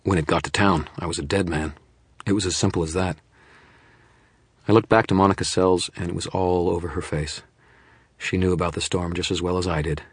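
A man giving a measured, brooding first-person audiobook narration. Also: sits low, fairly even intonation, breathy edge, dry recording.

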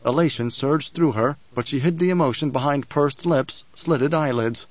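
Scripted and steady, the narration comes from a man reading a novel for an audiobook in an even, measured style. His voice is medium-pitched, and the dry recording sounds slightly dull.

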